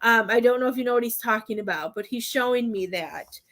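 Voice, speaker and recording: Brisk and fairly bright, her slightly high voice carries a live-stream psychic medium reading. She hesitates, rambles, and leans on fillers, frequently getting choked up with emotion.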